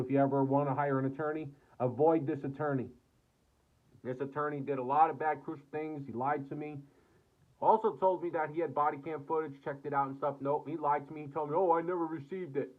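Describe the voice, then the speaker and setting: An American man delivering an angry, profanity-filled rant to camera, cursing and repeating himself. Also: on the high side. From United States. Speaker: vlogger. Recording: tinny phone-like audio.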